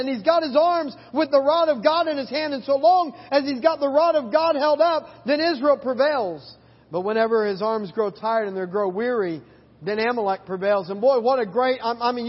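A man's voice: very high voice, husky. A man preaching a sermon at an evening church service, folksy, with many restarts and fillers like "man" and "boy". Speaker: missionary preacher. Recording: dull lo-fi church recording with long reverb.

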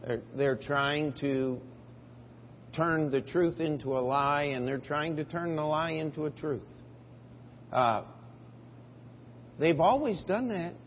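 High-voiced man preaching slowly. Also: big-room sound, highs cut off, a little hiss or hum. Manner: emphatic preaching, rising for scripture quotes. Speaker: pastor. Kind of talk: sermon. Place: church sanctuary.

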